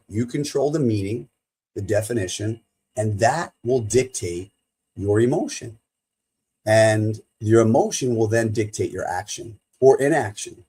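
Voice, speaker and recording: A man's voice: fairly low pitch, dark tone, breathy edge. A middle-aged man hosting a solo motivational podcast as a coach, emphatic and repeating his key phrases.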